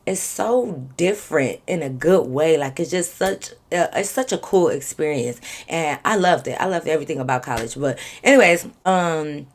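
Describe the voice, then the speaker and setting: A young woman vlogger telling a storytime story in an animated, slangy way full of profanity. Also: sits low, moderate pace, hardly any pauses. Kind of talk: storytime vlog.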